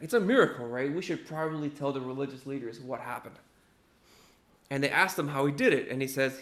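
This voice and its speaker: A man's voice: medium pitch, a bit bright. A young man giving a casual, conversational sermon, often checking in with "right?" and acting out what people said. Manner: conversational, keeps asking "right?", acts out quotes. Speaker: preacher. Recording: echoey room.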